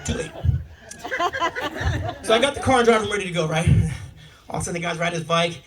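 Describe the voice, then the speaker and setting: A man performing a stand-up comedy set, telling animated stories and laughing at his own jokes. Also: sits high, very fast, crowd noise. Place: comedy club stage. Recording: live room mic, distant, with audience. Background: audience laughter.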